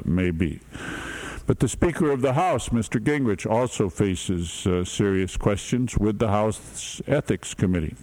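Low-voiced man giving measured political analysis. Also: darkish tone, low-quality recording. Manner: deliberate, with frequent "uh" pauses.

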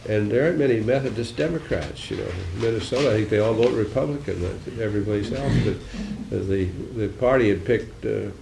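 A man's voice: lowish voice, a little fast, gravelly, hardly any pauses, echoey room, noisy background. An older man, a senator, giving a musing political talk with dry, wry humor and taking audience questions.

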